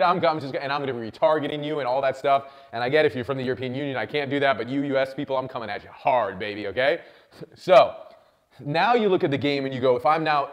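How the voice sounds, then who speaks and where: Hyped high-voiced man pitching business. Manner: loud, swearing, hyped, lots of "right?" and "okay?". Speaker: show host. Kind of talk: energetic motivational business talk.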